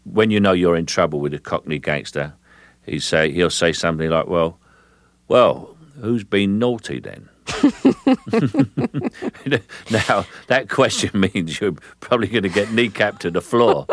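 An older man from London, an actor as an interview guest, speaking in a measured, deliberate way and pausing to restart sentences. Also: fairly bright tone, dry recording. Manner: measured, deliberate, with frequent restarts and low chuckles. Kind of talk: relaxed, anecdotal interview talk.

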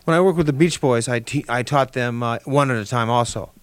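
Older man, halting radio guest, middle pitch, dry studio sound, loose rambling speech. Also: clear, resonant tone, dry recording. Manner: halting, restarts, many fillers. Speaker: interview guest, musician. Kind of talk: radio interview.

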